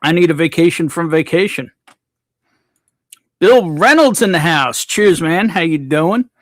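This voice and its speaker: A man's voice: on the high side, animated, a little slow, a bit bright, no room sound, clean studio sound. Laid-back man greeting livestream chat. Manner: reads chat names aloud, laid-back. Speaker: livestream host.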